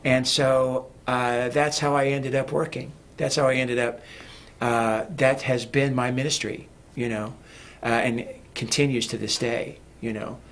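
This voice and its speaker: A man's voice: mid-range voice, level tone, measured pace, few pauses, fairly bright tone. A man talking as a guest in a casual interview, rambling with many fillers and restarts. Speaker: guest, music producer.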